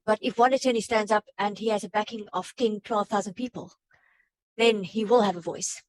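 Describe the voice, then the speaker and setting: A woman's voice: medium pitch, fairly even intonation, brisk, dry recording, rough recording. A woman on a webinar reading out audience questions and adding her own remarks, with small stumbles. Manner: plain, reads questions aloud with small stumbles. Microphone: video call.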